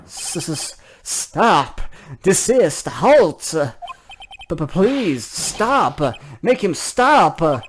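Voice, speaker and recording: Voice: medium pitch, slow, a little hiss or hum, lightly acted. A let's player doing a stammering twangy villain. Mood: panicked. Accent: country western twang, put on. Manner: stuttering, pleading. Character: panicking male villain, stammering.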